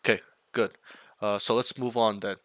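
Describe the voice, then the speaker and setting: A young man with a crisp, bright voice coaches a student over voice chat. He rambles, restarts and stresses key words, dropping casual swears. The sound is close and dry, with no room around it. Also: fairly low pitch, fairly even intonation, moderate pace, no echo. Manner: rambling, emphatic, swears casually, acts out callouts.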